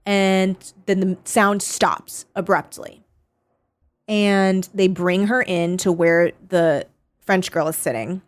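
A woman retelling a novel's plot in casual chat, animated, swearing and quoting the characters. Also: lowish voice, takes it slowly. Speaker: podcast co-host discussing a novel.

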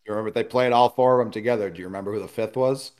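A man's voice: lowish voice, racing, darkish tone, clean tone. A man on a sports panel, telling a story in a casual way and chuckling as he recalls it.

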